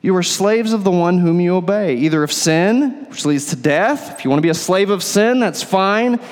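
A man's voice: high voice, lively intonation, moderate pace, smooth. A male pastor preaching a sermon, explaining scripture and asking rhetorical questions. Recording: long hall reverb.

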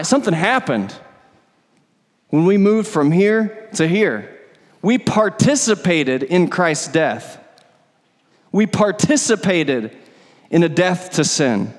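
A pastor preaches a sermon in a church sanctuary, his fairly high voice moving at a normal speed. He sounds conversational and emphatic, often repeating words for stress, and the recording carries a long hall reverb.

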